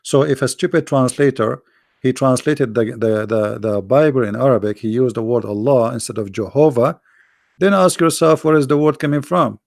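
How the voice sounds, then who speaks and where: Gravelly, blunt man, dry sound. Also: mid-range voice, normal speed, a little mellow, no room sound. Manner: blunt, scornful, repeats himself. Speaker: livestream host. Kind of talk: combative religious talk.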